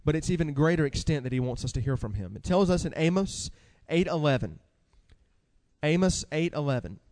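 A man preaching a sermon with animated delivery, asking the congregation questions and reading scripture aloud. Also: on the high side, a little fast, in a large hall.

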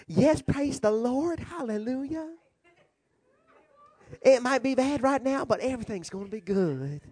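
A man doing a soft, smiling TV preacher. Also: very high-pitched, lively intonation, slightly rough, full character voice. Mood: soothing. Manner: gentle, slow, soothing reassurance. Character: soft-spoken smiling adult male TV preacher.

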